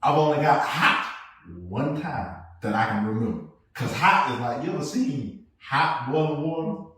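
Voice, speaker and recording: Animated man in an echoey room. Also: normal speed. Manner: animated storytelling, swings between loud bursts and low asides. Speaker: podcast co-host. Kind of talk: casual podcast chat. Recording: echoey room, mic at a distance.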